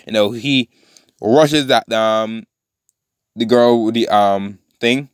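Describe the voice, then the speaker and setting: Man, casual fan-story retelling, rambling, lots of fillers, mid pitch, dry close recording. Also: steady tone, slow, clean tone, no echo. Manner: rambling, full of fillers and restarts.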